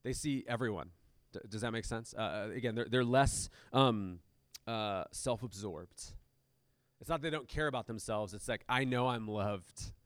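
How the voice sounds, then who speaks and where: A man preaching from a church stage, his voice sitting low and pretty dry up close on the mic. He talks in a loose, conversational way, full of ums and restarts. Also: moderate pace, dry recording. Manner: conversational, many fillers and restarts. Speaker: pastor. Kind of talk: sermon.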